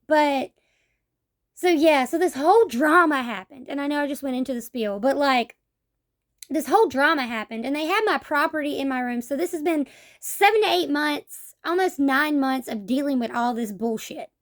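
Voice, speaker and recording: A young woman with a high voice tells a story straight to the camera, blunt and full of swearing. She acts out the lines people said to her as she goes. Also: moderate pace. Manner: blunt, profane storytelling, acting out quotes. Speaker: vlogger. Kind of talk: casual vlog rant.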